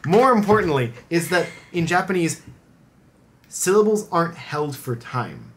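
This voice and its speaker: A man's voice: fairly high pitch, very animated, measured pace, very noisy. An American man chatting casually as a co-host, explaining things in an eager, rambling way with lots of filler words. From United States. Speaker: reaction channel co-host. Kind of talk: casual chat.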